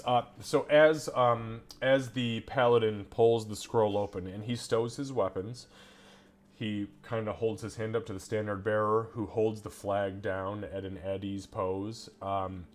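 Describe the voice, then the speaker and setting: A man's voice: on the low side, fairly even intonation, measured pace. A man narrating a tabletop game as game master, casual and swearing.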